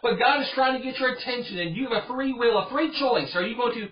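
High-voiced man preaching earnestly. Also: quick pace, dull audio. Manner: earnest, repeats phrases for emphasis. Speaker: pastor. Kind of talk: Bible study sermon.

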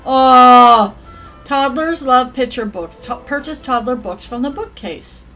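A young woman giving casual, profane commentary while playing a life-sim game, yelling at the characters and rambling. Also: sits high, expressive, normal speed, soft background music. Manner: rambling, self-interrupting.

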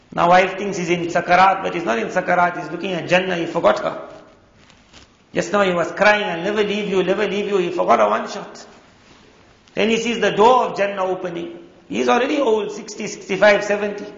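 Man, sermon, high voice, gravelly, storytelling, echoey hall. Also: a bit bright. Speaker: Islamic preacher. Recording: echoey hall, dull lo-fi sound.

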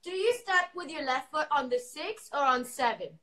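A woman's voice: high-pitched, lively intonation, normal speed, sharp tone. A woman hosting a live video dance class, chatting and reading viewer comments aloud. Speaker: host. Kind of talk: casual live-chat banter. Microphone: video call.

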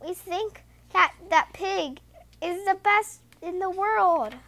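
A woman's voice: extremely high pitch, slow, pushed and bright, voice pushed up, heavily acted. A woman voicing a fussy, tidy, middle-aged farmer's wife who speaks primly and exclaims.

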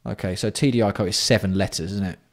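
A man hosting a casual livestream, bantering with chat and swearing freely while keeping his voice fairly hushed. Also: fairly low pitch, steady tone, quick pace. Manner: banter-filled, sweary, reads out and answers chat. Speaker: livestream host.

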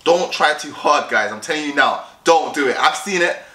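A man's voice: fairly high pitch, expressive, moderate pace, sharp tone, roomy sound. A young man giving dating tips in a casual vlog, talking directly and acting out both sides of conversations. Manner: direct, repetitive, acts out both sides of chats.

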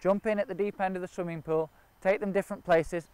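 A man's voice: high voice, fast talker, hardly any pauses, smooth, dry recording. A man training gundogs outdoors, explaining each step in a practical way. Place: outdoors in a park and by a river.

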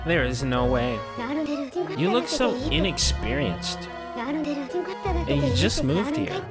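A man's voice: high voice, very animated, takes it slowly, voice pushed up, exaggerated voice. A man putting on a snooty teasing girl. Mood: mocking. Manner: condescending, blunt. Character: snooty, teasing young woman villager. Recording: game music behind.

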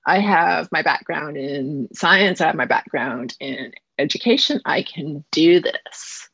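A woman's voice: low-pitched, animated, gravelly, fairly bright tone, breathy edge, no room sound. Nervous woman teacher on a muffled video call. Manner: fast, earnest, slightly nervous delivery. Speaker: high school math teacher presenting a project. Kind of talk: live online conference presentation. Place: home.

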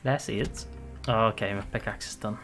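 A man's voice: lowish voice, normal speed, fairly bright tone, soft background music. A young man giving casual gameplay commentary, chatting, laughing often and swearing at enemies. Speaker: gaming streamer.

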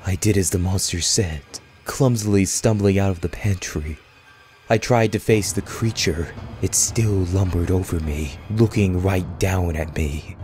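A man reading a scripted horror story aloud as narrator, in a slow, measured, hushed storytelling manner. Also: low-pitched, soft background music.

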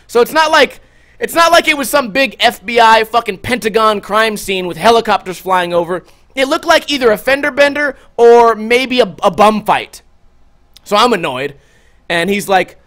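Man, podcast host, casual storytelling, swears a lot, acts out quotes, slightly high voice. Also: normal speed. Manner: animated, profane storytelling with acted-out quotes.

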